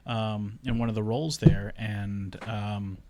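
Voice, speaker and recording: A man's voice: on the low side, flat delivery, background noise. A man co-hosting a podcast in casual chat, often restarting and filling with um and uh. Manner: halting, repeats words, fills with um and uh. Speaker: podcast co-host, theater director.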